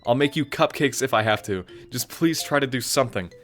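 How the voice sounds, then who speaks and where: A man's voice: medium pitch, expressive, brisk, fairly bright tone, faint music behind, close to an everyday voice. A man reading aloud as a worried, sweet teenage girl who pleads for help. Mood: pleading. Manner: earnest, pleading read-aloud. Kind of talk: reading game dialogue aloud.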